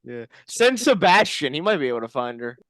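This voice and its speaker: A comedy podcast co-host chatting in a deadpan, rambling way full of tangents. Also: medium pitch, fairly quick, dry recording. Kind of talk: casual comedic chat.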